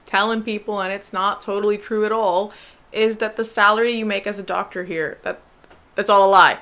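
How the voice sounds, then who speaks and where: A woman's voice: mid-range voice, a bit bright. A young American woman with a general American accent, a doctor and vlogger chatting to camera, answering claims with exasperated sarcasm. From United States. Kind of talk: casual chat to camera.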